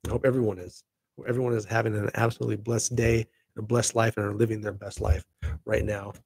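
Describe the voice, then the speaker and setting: A middle-aged man hosting his own show in casual chat, excitable and rambling with laughing asides. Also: lowish voice, quick pace, gravelly, slightly rough, no echo. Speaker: podcast host.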